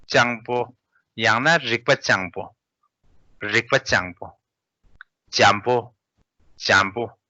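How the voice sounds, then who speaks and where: A man teaching a language lesson, saying each vocabulary word twice in a patient, steady way. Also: mid-range voice, no echo, muffled recording.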